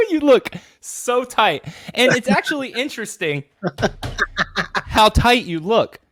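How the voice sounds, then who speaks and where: Male co-host, high, lively voice, teasing and crude, dry close sound. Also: takes it slowly. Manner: teasing, crude, laughing often. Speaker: podcast co-host. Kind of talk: casual comedic banter.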